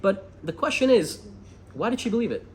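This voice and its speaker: An American man teaching a lively Torah class, asking the room questions as he goes. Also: high-pitched, a little fast, background noise. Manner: animated, asks the room questions. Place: classroom with a group.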